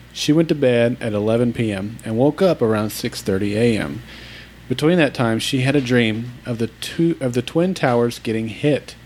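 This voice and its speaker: A man's voice: mid-range voice, darkish tone. Easygoing male podcast co-host. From Oklahoma. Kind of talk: casual podcast chat, reading listener emails.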